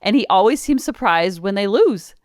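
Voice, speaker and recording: A woman's voice: mid-range voice, expressive, normal speed, dry recording, clean studio sound. A woman in her forties hosting a parenting podcast, chatting casually and piling up long lists of examples. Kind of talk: casual solo podcast talk.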